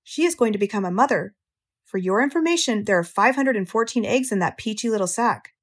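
A woman's voice: mid-range voice, expressive, a little fast, husky. A woman voicing an earnest, humble young male pig in an audiobook. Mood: indignant. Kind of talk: audiobook character reading.

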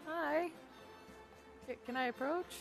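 A man doing a jittery character in a high, thin voice that stumbles over its words. It sounds unsure of every step in a game roleplay. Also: slow, vocal fry, music in the background, full character voice. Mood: timid. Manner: hesitant, stammering. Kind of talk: Minecraft roleplay voice acting.

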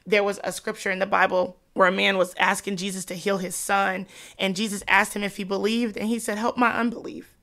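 A woman's voice: medium pitch, fairly bright tone. A woman hosting a Christian podcast and chatting casually with her listeners, her voice congested and nasal from allergies. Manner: chatty, calls listeners "sis" and "girl". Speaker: podcast host. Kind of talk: casual faith-based podcast talk.

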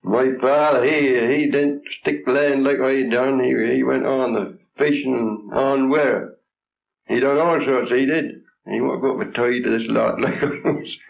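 A man in his seventies with a reminisces, blunt and plain-spoken, in short broken phrases. He talks at an unhurried, drawn-out pace. The sound is dull, like old 1960s film audio. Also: medium pitch, creaky. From England. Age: 70s. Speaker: traditional folk singer. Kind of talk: reminiscing in an interview.

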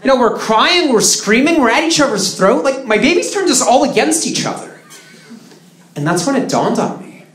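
A man in his thirties from Russia doing live stand-up comedy, lively with flat deadpan punchlines. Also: extremely high pitch, moderate pace. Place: comedy stage before a live audience. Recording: roomy live venue with crowd laughter.

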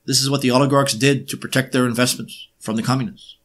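A man presenting an unscripted history monologue, emphatic and sarcastic, often pausing on uh and um while he builds his points. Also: medium pitch, steady tone, a bit bright. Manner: emphatic, with sarcastic rhetorical questions; frequent hesitations with uh and um.

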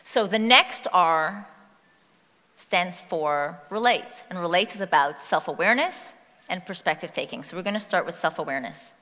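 A woman's voice: on the low side, expressive, normal speed, bright, forceful tone. A woman giving a motivational talk on stage, speaking conversationally and asking the audience questions. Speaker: speaker at a personal-growth conference. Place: stage in a large hall. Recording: long reverb of a large hall.

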